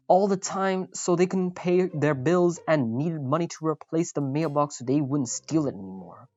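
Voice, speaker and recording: A woman's voice: sits low, dry recording. A woman reading a reddit story aloud, with wry, apologetic asides. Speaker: story narrator. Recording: slightly muffled, faint background music.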